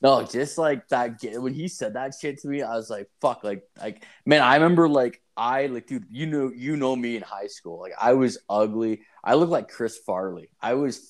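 A man's voice: mid-range voice, normal speed, hardly any pauses. A man in his thirties telling rambling, profane stories in casual chat, full of fillers. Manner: profane, rambling, animated storytelling with heavy filler. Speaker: storyteller.

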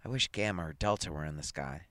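A man's voice: low-pitched, fast talker, fairly bright tone, dry recording. A man reading aloud, voicing a curious, wisecracking male newspaper columnist in a casual tone.

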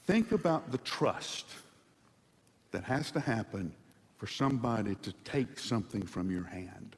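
A man preaching a sermon dramatically, moving between hushed passages and loud ones, in a large hall. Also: lowish voice, animated, unhurried, breathy edge. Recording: long hall reverb.

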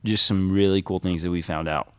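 A man's voice: sits low, fairly even intonation, brisk, smooth, no echo. A man co-hosting a casual podcast, speaking hesitantly with many fillers and nervous laughs. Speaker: podcast co-host.

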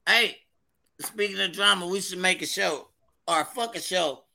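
A man co-hosting a casual podcast, brash and quick to laugh, tossing out hypotheticals. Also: high voice, creaky, bright, forceful tone. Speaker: podcast co-host. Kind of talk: casual chat.

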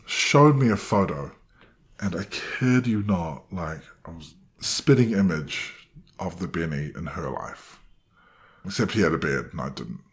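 A man's voice: low voice, animated, a little slow. A young man in his twenties tells a personal story in a wandering, self-deprecating way, acting out the voices of the people in it.

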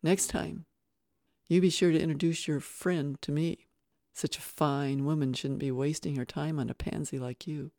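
A narrator voicing a big, menacing male jail inmate who speaks in low, threatening taunts. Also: fairly even intonation, moderate pace, a little mellow, no room sound, studio quality, lightly acted. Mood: taunting.

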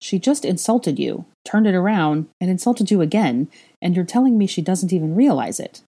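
A woman plays a stoic young wizard and father with a dry, matter-of-fact manner. The voice is low and husky, read plainly in a storybook fan-fiction reading. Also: animated, brisk, warm tone.

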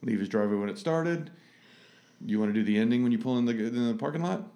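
A man's voice: mid-range voice, fast, warm tone. A man co-hosting a podcast, telling a story in casual chat and teasing his co-host.

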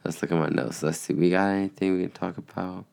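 A man's voice: low voice, steady tone, quick pace, gravelly, background noise. A young man in casual, rambling vlog chat, laid-back and profane, sounding tired. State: tired, yawning. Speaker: vlogger.

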